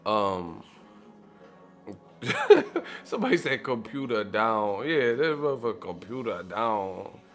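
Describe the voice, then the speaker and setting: A man hosting a boxing channel and telling a story in casual, profane, animated talk with frequent laughter. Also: lowish voice, slow pace, faint music behind.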